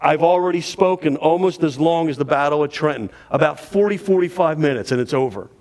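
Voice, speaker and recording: A man giving a dramatic, animated storytelling talk on history to an audience. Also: on the high side, brisk. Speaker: history speaker.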